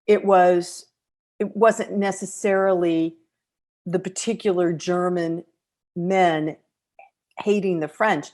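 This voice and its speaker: Middle-aged American woman, low voice, podcast host, heartfelt personal storyteller. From United States. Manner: warm, reflective, emotional storytelling with pauses.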